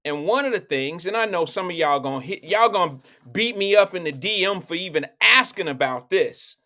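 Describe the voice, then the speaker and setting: A man with a high voice hosts a live online talk show. He chats loosely with viewers, repeats his questions and speaks into his own microphone. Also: animated, moderate pace, bright, forceful tone. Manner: loose, repetitive, talks straight to viewers. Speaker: livestream show host. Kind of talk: casual live-stream chat.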